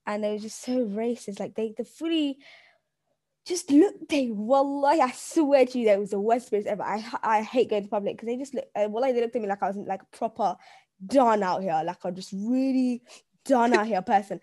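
A woman's voice: a little high, quick pace, warm tone. A young woman, co-hosting a podcast in a casual way with slang and fillers. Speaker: podcast co-host. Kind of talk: casual chat.

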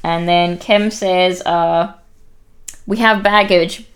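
A woman's voice: fairly low pitch, steady tone, clear, resonant tone. Chatty woman recapping TV with dry jokes. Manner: chatty, dry and joking, quotes lines in quick impressions. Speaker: podcast co-host. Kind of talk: casual chat, recapping a reality show.

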